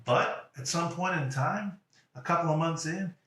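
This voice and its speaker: A man telling a personal story as a motivational speaker, in a halting, conversational way with many restarts. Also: on the high side, a bit bright. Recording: echoey room.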